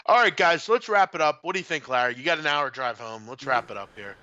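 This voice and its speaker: A man's voice: on the high side, lively intonation, fast talker, bright, forceful tone, no room sound, muffled recording. A man hosting a sports betting show, talking in loose, jokey casual banter and swearing freely.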